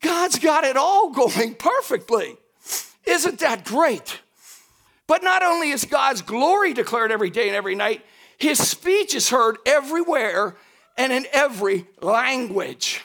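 A middle-aged man preaches with a strikingly high voice and a gravelly edge. His delivery swings widely in pitch, folksy and direct, building to shouts at the peaks. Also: a little slow. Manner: animated preaching, rising to shouts at high points; folksy, addresses the congregation directly. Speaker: pastor. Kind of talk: sermon.

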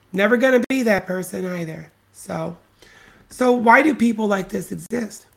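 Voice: medium pitch, creaky. An adult podcast host delivering a solo commentary rant, blunt and profane, repeating insults and points for emphasis. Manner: blunt, profane and scornful, hammering points by repetition.

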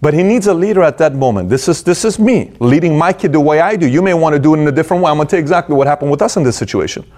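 A man's voice: a little high, animated, racing, hardly any pauses, darkish tone. Man, middle-aged, show host, motivational monologue, emphatic, direct, storytelling. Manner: emphatic, direct, addresses listeners.

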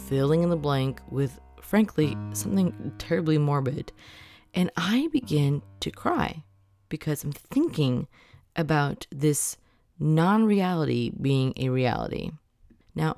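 Low-voiced woman telling a personal story. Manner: animated, dramatic retelling with self-mocking asides. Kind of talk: personal anecdote, spoken storytelling.

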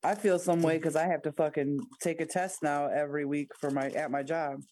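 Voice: medium pitch, steady tone, a little fast, a little mellow, a little hiss or hum. An adult co-host talking frankly in casual chat, telling stories with quoted asides.

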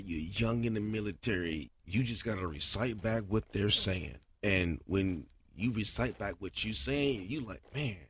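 A man hosting a casual podcast monologue, his voice a little scratchy, talking colloquially and getting animated. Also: fairly low pitch, husky. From Florida. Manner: animated, swings loud for chanted cadence bits; colloquial, repeats "you know". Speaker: podcast host, cadence caller.

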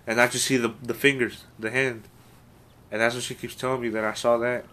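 A man's voice: mid-range voice, level tone, fairly quick, bright, forceful tone. A man co-hosting a casual podcast, telling a story in a rambling, hesitant way with many restarts. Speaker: podcast co-host.

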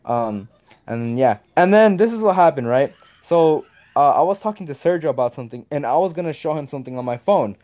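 In a fairly high, brisk voice, a young man relays a story during casual conversation, cursing often and performing the quoted lines with lots of energy.

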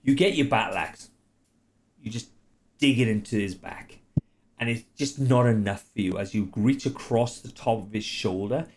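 A man running a tabletop game as dungeon master, casual and laughing, with plenty of swearing. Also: fairly low pitch.

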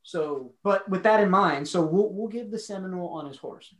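A man's voice: sits high, normal speed, fairly bright tone, rough recording. A man co-hosting a podcast in casual chat, talking in an enthusiastic, rambling and joking way. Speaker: podcast co-host.

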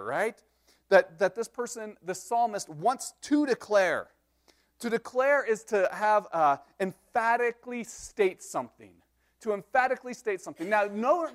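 Guy with a pretty high voice giving a laid-back sermon, teaching a psalm point by point, cracks little jokes. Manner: teaching verse by verse, joking asides. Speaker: pastor.

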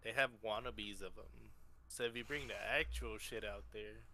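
A man's voice: fairly low pitch, steady tone, normal speed, creaky, pushed and bright, slight background noise. A young man co-hosting a casual podcast chat, brash and slangy.

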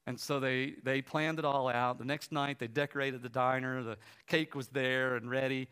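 A man's voice: mid-range voice, fairly quick, smooth. Man preaching a story-driven sermon. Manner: retells a story with lively quoted voices, quiet and soft at the close. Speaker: pastor.

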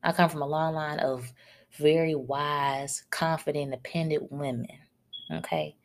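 Blunt, scolding podcast woman, low-pitched. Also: steady tone, unhurried. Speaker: podcast host. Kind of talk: solo podcast rant.

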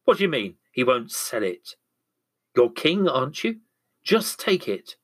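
A man's voice: medium pitch, very animated, measured pace, slightly rough. A man voicing a bad-tempered, scornful queen who screams and bosses.

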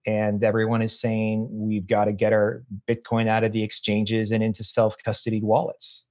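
A man with a fairly low voice, talking in an opinionated, rambling way. He restarts his sentences often as he builds his argument. It sounds like a relaxed podcast conversation. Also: normal speed. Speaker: podcast guest. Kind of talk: casual conversation.

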